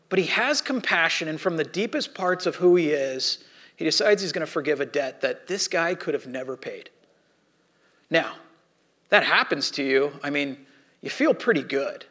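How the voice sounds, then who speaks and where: A man's voice: high-pitched, normal speed. A male pastor preaching in a casual, conversational way. He uses lots of fillers and asides. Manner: conversational and animated, with repeated fillers. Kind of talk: sermon.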